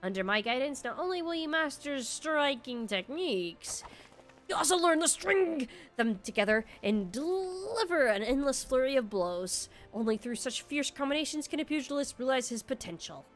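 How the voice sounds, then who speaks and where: Woman doing a gruff pugilist guildmaster. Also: lively intonation, moderate pace, faint music behind. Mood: instructive. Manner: reads game dialogue aloud with a deepened gruff voice. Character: gruff male guildmaster, brusque then welcoming. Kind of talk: voicing game dialogue on a stream.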